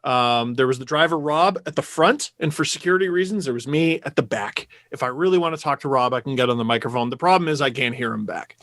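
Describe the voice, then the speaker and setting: A man hosting a podcast, telling a story with animated energy, cursing and getting loudly indignant. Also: medium pitch, quick pace, hardly any pauses, no room sound. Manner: animated storyteller, swears, gets loud and indignant. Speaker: podcast host. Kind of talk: casual podcast chat.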